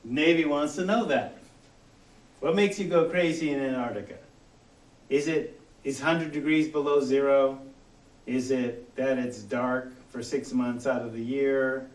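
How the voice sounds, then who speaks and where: A man with a General American accent, teaching a college class in an easygoing, chatty way, often acting out little back-and-forth exchanges. The sound is roomy and echoey, taken from a mic set some way off across the room. His pitch sits in a middle range. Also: far from the mic. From Los Angeles area, US. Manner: conversational, with many "you know" fillers and quoted dialogue. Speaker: college instructor. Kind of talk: classroom lecture. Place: lecture room.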